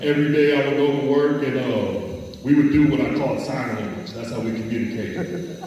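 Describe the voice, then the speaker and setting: A man's voice: mid-range voice, a little fast, darkish tone, lo-fi sound, slight background noise. A young man, a stand-up comedian from the United States, telling a loose, profane story and laughing at his own jokes. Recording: echoey hall from far off.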